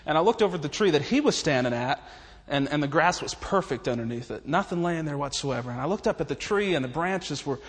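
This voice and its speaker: A man's voice: fairly high pitch, animated, fast. A man preaching in a humorous, folksy way, chuckling his way through stories. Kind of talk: humorous storytelling sermon. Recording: long reverb of a large hall.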